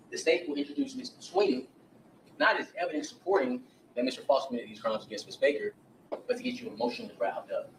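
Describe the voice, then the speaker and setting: Fast, animated male attorney addressing a jury. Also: a little high, gravelly, a little hiss or hum. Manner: emphatic, addresses jurors directly, retells witness accounts. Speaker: defense attorney. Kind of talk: courtroom opening statement to a jury. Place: courtroom. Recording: roomy courtroom audio from a distance.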